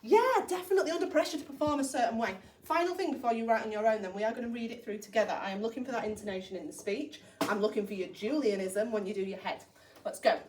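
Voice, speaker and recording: Teacher thinking aloud, echoey classroom. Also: female voice, a little high, quick pace, darkish tone. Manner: encouraging, thinks aloud while writing. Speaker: primary school teacher. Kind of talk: modelling shared writing to a class. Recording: echoey classroom from far off, noisy.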